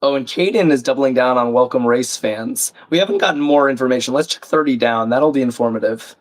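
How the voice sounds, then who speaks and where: A man with a croaky, slightly sick voice, hosting a live crossword stream in a chatty, casual way and reading viewer comments aloud. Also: mid-range voice, brisk. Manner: chatty, reads chat aloud, self-deprecating. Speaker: livestream crossword host.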